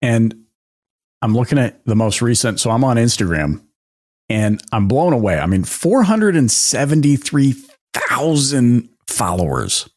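A man's voice: mid-range voice, very animated, unhurried, darkish tone. A man from Canada with a Canadian accent, hosting a podcast interview, enthusiastic and restarting his questions. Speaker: podcast host. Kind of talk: casual interview.

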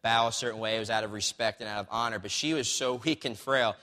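A man's voice: on the low side, steady tone, fast, sharp tone. Man preaching in a reverberant hall. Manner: loose, conversational, with many fillers and restarts. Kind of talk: storytelling sermon, reading from a book.

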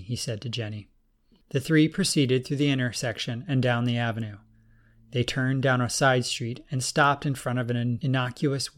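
Male narrator for a crime novel, steady and even. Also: mid-range voice. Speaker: audiobook narrator. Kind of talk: scripted narration.

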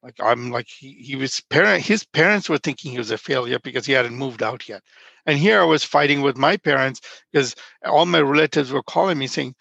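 A man's voice: medium pitch, a little fast, vocal fry, bright, forceful tone, no room sound, highs cut off. A man in his fifties from Nigeria, a podcast guest telling rambling stories in casual conversation. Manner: rambling storyteller, frequent restarts.

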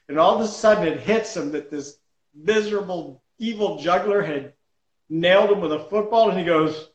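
Animated storytelling man, roomy sound. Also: high voice. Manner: animated storyteller, self-deprecating. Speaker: juggler and comedy performer. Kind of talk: casual storytelling chat.

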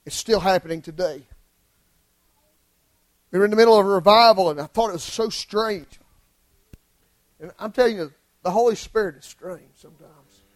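Man preaching a sermon in church, high voice, goes from quiet to yelling. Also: moderate pace, pauses often, low-quality recording. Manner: impassioned, swings from hushed to shouting.

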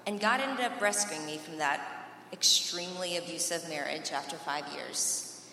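A woman telling her personal faith testimony in an earnest, emphatic way, with dramatic pauses. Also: sits low, expressive, bright, forceful tone. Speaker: speaker giving a personal testimony. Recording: echoey hall from far off, faint ambience.

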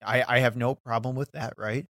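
A man co-hosting a political podcast in casual chat, talkative and quick to laugh. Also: mid-range voice, fairly even intonation, a bit bright, no echo, clean studio sound. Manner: talkative, laughs often, hedging asides. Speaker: podcast co-host.

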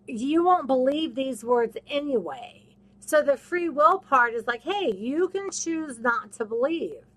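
Woman, podcast host, faith talk, fairly high and bright voice, emphatic, repeats herself, acts out voices. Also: animated, measured pace. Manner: emphatic and repetitive, acts out other people's voices. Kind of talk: casual faith talk, preaching to listeners.

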